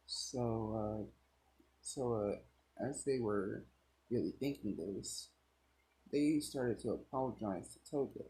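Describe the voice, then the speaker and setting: A man's voice: on the low side, takes it slowly, long pauses, warm tone, poor audio. A young man casually narrating a fan story, with rambling, swearing asides.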